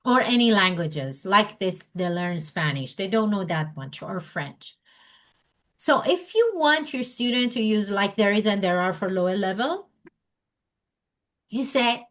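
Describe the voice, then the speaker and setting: Slow-speaking woman teacher trainer. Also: medium pitch, fairly bright tone. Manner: acts out student and teacher dialogue, non-native phrasing.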